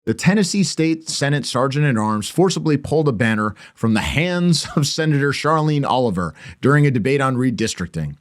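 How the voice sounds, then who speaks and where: A middle-aged man hosts a podcast, talking through the news in his own opinionated commentary. His voice sits at an ordinary middle pitch, and he keeps dropping sarcastic, mocking asides. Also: animated, a little fast, few pauses. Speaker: podcast host.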